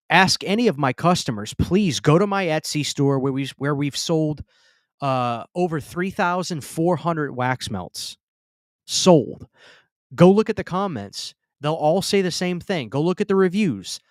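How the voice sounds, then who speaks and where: Reading out viewer comments on his casual live Q&A stream, a chatty man from the Southern US stammers and restarts often. He has a fairly high voice, and the close studio mic gives clean sound with no echo.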